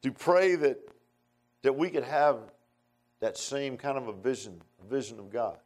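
A man preaching a sermon in a folksy, conversational way, swinging between emphatic outbursts and hushed asides. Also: mid-range voice, normal speed.

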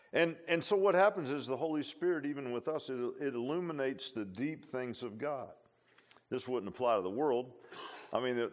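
A man, preaching a sermon in a folksy, conversational way. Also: medium pitch.

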